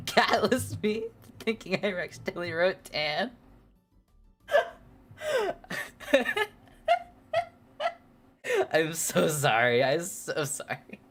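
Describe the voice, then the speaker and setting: A streamer chatting casually with viewers and reading aloud, laughing often and stumbling over words. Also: mid-range voice. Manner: self-deprecating, chats with viewers.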